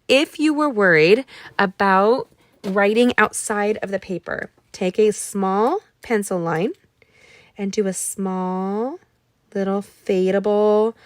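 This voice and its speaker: A woman's voice: medium pitch, dry recording. A middle-aged woman hosting a live card-making tutorial, bubbly and rambling, chatting with viewers and making little noises and exclamations as she works. She sounds a bit tired. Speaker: card-making livestream host.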